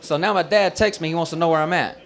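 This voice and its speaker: A man's voice: fairly high pitch, fast, gravelly. Brash, profane male stand-up comic. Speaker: stand-up comedian. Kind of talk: stand-up comedy set. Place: bar stage at an open mic.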